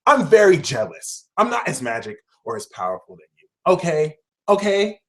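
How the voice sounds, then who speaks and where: A man giving a casual tarot reading, talking in a slangy, exasperated, theatrical way. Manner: dramatic, exasperated, swings to shouting and high-pitched outbursts; slang-heavy, fillers like "like", "y'all". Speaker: tarot reader.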